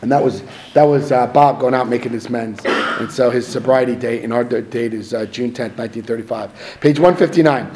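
In a rough-quality clip, a middle-aged man tells his story in a relaxed, self-deprecating way, performing what others said. His mid-range voice is a little mellow, and he talks a bit fast with hardly any pauses.

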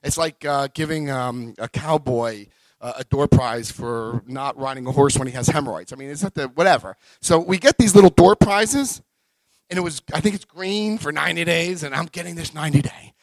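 A middle-aged man giving a personal recovery talk, an animated storyteller who acts out quotes and swings between quiet and loud. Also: a little high, moderate pace, rough recording. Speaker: recovery speaker.

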